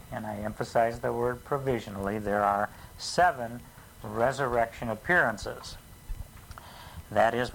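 A man's voice: medium pitch, gravelly, slight background noise, low-quality recording. A man preaching a sermon as pastor, talking unscripted with frequent restarts.

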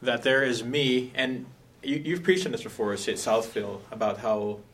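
A man's voice: mid-range voice, steady tone, moderate pace, a bit bright. A man in a Bible class, putting a hesitant, searching question to the teacher. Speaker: class participant. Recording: distant mic in a room.

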